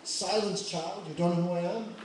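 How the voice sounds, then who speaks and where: A furious, boastful warrior sage shouts his threats, as a male storyteller puts him on. The voice sits a little high and booms through a very echoey hall, heard from well away from the mic. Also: fairly even intonation, fairly quick, recorded from a distance, background noise, lightly acted.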